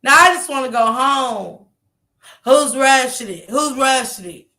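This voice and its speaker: A woman on a call, casually telling a story in animated fashion, laughing and swearing. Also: high voice, unhurried.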